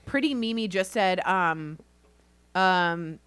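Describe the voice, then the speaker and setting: A woman co-hosting a comedic news podcast, chatty and quick to laugh, throwing out rhetorical questions. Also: fairly low pitch, a bit bright, clear, resonant tone. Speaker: co-host. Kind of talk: casual comedic news chat.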